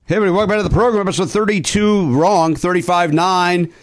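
A man's voice: high voice, steady tone, fast, faint music behind. A man hosting a casual comedy podcast, telling stories in a rambling, self-correcting way and laughing often. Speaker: podcast host.

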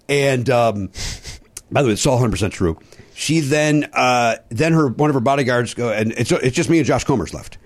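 A middle-aged man with a Chicago accent tells a story on a podcast. He is animated and profane, and he imitates the voices of people in his stories. He speaks the way a comedian does in casual conversation. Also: medium pitch, normal speed.

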